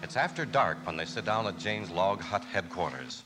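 A man giving scripted 1950s radio drama narration in a measured voice. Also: low voice, lively intonation, noisy background. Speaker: radio announcer.

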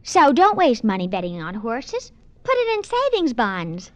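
Prim, suspicious wife. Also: female voice, fairly high pitch, huge pitch swings, unhurried, dry recording, highs cut off. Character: prim, suspicious wife pushing savings bonds. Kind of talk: 1950s radio ad sketch.

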